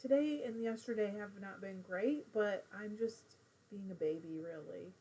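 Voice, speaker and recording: A woman's voice: medium pitch, unhurried, dark tone, breathy edge. A middle-aged woman hosting a casual live crafting stream from home, chatting while she knits and reading viewer comments aloud.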